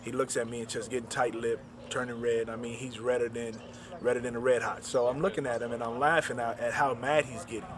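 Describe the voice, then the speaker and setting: A man, an author, recounting a personal story and retelling the dialogue in quick back-and-forth. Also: medium pitch, little pitch movement, a crowd in the background.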